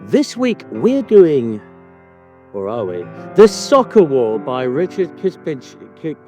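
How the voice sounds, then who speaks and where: A man's voice: mid-range voice, big pitch swings, takes it slowly, mellow, faint music behind. A male podcast host in casual banter, teasing his co-host with mock outrage and frequent swearing.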